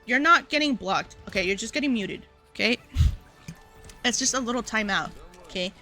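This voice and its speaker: A woman's voice: on the high side, expressive, moderate pace, sharp tone, faint music behind. A woman streamer talking casually to her chat, rambling with lots of fillers and asides. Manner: rambling, filler-heavy, addressing chat directly.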